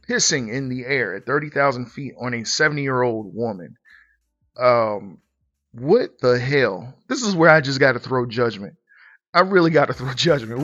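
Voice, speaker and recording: A man's voice: mid-range voice, fairly bright tone, dull audio. A man hosting a podcast, reading a news story aloud and then reacting to it bluntly and with laughter. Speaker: podcast host. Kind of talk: casual commentary on news.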